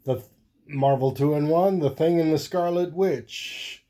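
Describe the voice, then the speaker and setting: A relaxed man talks his way through a pile of comics at an unhurried pace. His voice is warm and mellow, and he wanders easily from one aside to the next. It sounds like a casual show-and-tell hosted on his own channel. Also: a little high. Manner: rambling, easygoing, thinks aloud while flipping through comics. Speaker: host.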